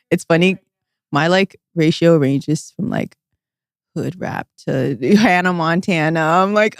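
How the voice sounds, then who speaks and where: A woman's voice: lowish voice, takes it slowly, creaky, no echo, studio quality. A young woman from Las Vegas, a DJ guest in a casual interview, bubbly, laughing often and saying "like" a lot.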